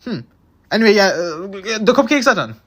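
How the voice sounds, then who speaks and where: A man's voice: high-pitched, animated, normal speed, heavy background noise. A young man narrating his own cooking videos in a casual, playful way, cracking self-mocking jokes as he goes.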